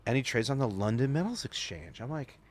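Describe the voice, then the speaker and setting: A little fast and medium in pitch, this man's voice belongs to a podcast guest. He's an animated storyteller whose long, casual tales lean heavily on "like" fillers and quoted voices.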